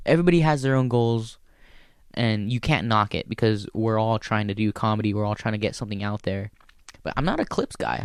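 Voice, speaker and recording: A man's voice: fairly low pitch, clear, resonant tone, no echo, studio quality. A man who is a stand-up comedian, telling stories in a casual, profane, rambling way. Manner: profane, rambling, animated storyteller. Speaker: stand-up comedian and show host. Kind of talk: casual storytelling chat.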